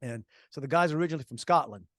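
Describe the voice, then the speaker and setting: High-voiced rambling middle-aged man. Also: rapid-fire, fairly bright tone, dry recording, studio quality. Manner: rambling storyteller with restarts and laughs. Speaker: podcast co-host. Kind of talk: casual chat.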